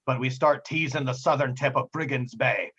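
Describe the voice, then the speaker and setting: A man doing a gruff hook-handed pirate captain. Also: medium pitch, steady tone, normal speed, a bit bright, dull audio. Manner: old-timey pirate talk.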